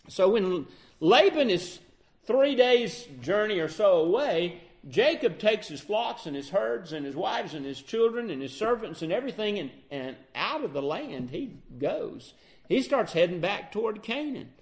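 High-voiced man retelling a Bible story. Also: very animated, unhurried. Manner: conversational, with fillers and self-corrections.

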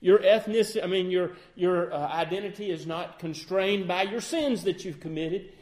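A man's voice: high-pitched, normal speed, a little mellow. A middle-aged man preaching a sermon in an earnest way, often asking his listeners questions and acting out sample phrasings. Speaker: lay preacher.

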